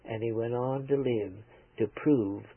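A male preacher telling a moral story in a slow, earnest, halting way, heard over a tinny radio broadcast. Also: medium pitch, breathy edge.

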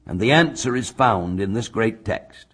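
A man giving expository Bible teaching, measured and deliberate, reading scripture slowly. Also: on the low side, expressive, fairly bright tone, slightly rough.

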